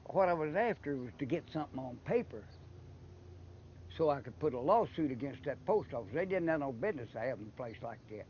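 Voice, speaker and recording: Medium in pitch, a little fast and lively in intonation, an older man from Eastern Kentucky with an Appalachian accent rambles through long stories as an interviewee. He keeps restarting his words during the casual storytelling, and the recording is slightly muffled with faint background noise.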